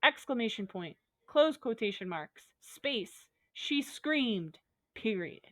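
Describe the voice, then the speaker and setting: A woman's voice: on the high side, animated, takes it slowly, no echo. A woman teacher giving a recorded online lesson, upbeat and a little goofy, talking students through examples step by step.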